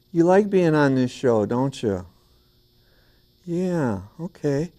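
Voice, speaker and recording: A man hosting a children's TV show in a small studio, singing and chatting playfully and gently with young viewers and a puppet duck. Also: medium pitch, animated, a little slow. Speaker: children's TV host.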